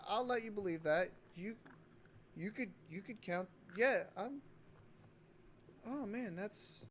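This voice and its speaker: A young man hosting a casual livestream, swearing often and breaking into loud excited outbursts while he plays a game. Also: high-pitched, unhurried, pauses often, a little hiss or hum. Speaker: livestream host.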